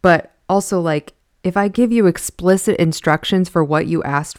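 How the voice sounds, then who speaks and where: A woman's voice: on the low side, normal speed, a little mellow, no room sound, clean studio sound. A woman hosting a podcast, talking casually and frankly, venting with exasperation and the odd swear word. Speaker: podcast host.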